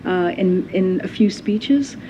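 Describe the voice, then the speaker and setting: A woman answering questions as press secretary at a briefing, measured and firm, repeating her key phrases. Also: medium pitch, mellow. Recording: dull briefing-room audio with faint noise.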